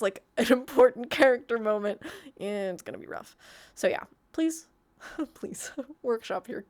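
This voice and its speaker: A woman with a fairly high voice gives a roleplay group casual instructional advice, sounding like an admin teaching her community. She is chatty and rambling, using lots of fillers and laughing lightly and often as she talks.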